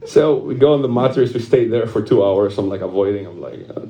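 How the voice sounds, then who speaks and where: A man's voice: on the low side, brisk, warm tone, roomy sound, highs cut off. A young man performing a stand-up comedy set, telling a rambling story, laughing at his own jokes and swearing casually.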